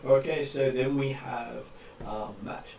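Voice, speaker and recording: Relaxed man running a tabletop game. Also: mid-range voice, slow pace, gravelly. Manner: relaxed, teasing, recaps with fillers. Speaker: game master. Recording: distant mic with faint noise.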